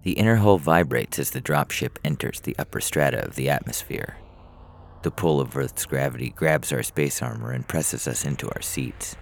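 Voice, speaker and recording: A man narrating a science-fiction story in a measured, dry storytelling manner. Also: extremely low pitch, gravelly, a little hiss or hum.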